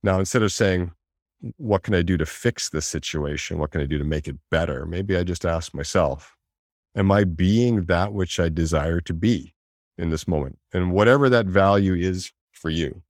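A man talking in a reflective conversation, animated, acting out inner voices and laughing often. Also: low voice, moderate pace, no echo, clean studio sound.

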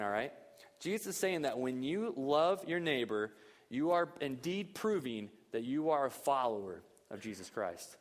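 A man preaching a lively, conversational sermon at a church service, full of rhetorical questions. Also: medium pitch, long reverb tail. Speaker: pastor.

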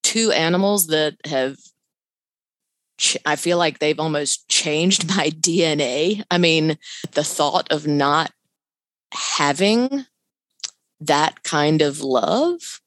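A middle-aged woman telling a personal story in a lively way, laughing now and then. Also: low-pitched, slow, pauses often, no room sound. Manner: animated, laughs while telling, voice jumps up on quotes. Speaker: guest telling her story. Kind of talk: conversational storytelling.

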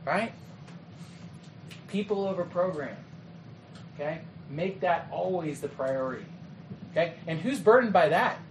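A man giving a training talk to youth ministry leaders in a conversational way, often checking in with "okay?" and "right?" and acting out quick exchanges. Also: on the high side, lively intonation, slight background noise. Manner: acts out quick quoted exchanges. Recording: echoey room with faint ambience.

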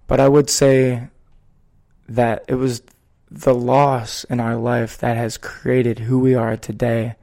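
A man talks slowly and earnestly as a podcast host, his voice carrying a gravelly fry. He takes his time and weighs each phrase, with a voice neither high nor low. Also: little pitch movement, mellow. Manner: slow, measured, earnest storytelling. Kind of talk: reflective podcast conversation.

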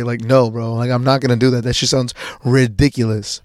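Here a young podcast host talks quickly in a medium-pitched, level, somewhat dark voice. The studio-quality recording has no room sound, and his casual personal monologue wanders, restarting often and dropping casual curses.

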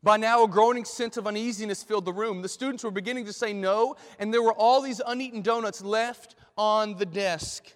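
A man telling a dramatic illustration story in a sermon, in an animated way. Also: sits high, fairly quick, hardly any pauses. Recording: long hall reverb.

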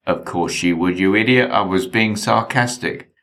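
A man voicing an excitable, whiny small-time English crook. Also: low-pitched, moderate pace. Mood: indignant.

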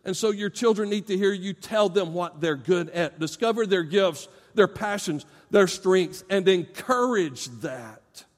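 A middle-aged male pastor preaching a sermon. He speaks straight to parents, swinging from loud emphasis to soft, low asides. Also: expressive, a little slow, hardly any pauses. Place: church sanctuary. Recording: long reverb of a large church hall.

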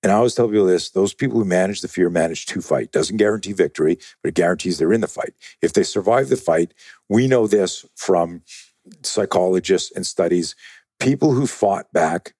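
A man, a self-defense trainer, talking as a podcast guest in a casual, profane, animated way and acting out the quotes in his stories. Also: low-pitched, brisk, no room sound, clean studio sound.

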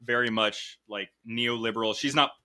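Male podcast host, bright voice, loose storyteller. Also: mid-range voice, normal speed. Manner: storytelling, swearing, animated. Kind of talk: casual chat. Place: Connecticut home.

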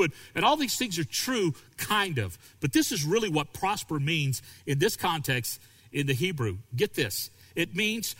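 A male pastor preaching a sermon, animated and acting out quoted voices. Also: a little high, normal speed, long reverb tail.

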